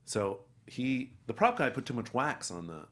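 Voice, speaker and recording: A middle-aged man, an actor guest, telling an animated story and acting out the people in it. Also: medium pitch, moderate pace. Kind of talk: anecdotal storytelling.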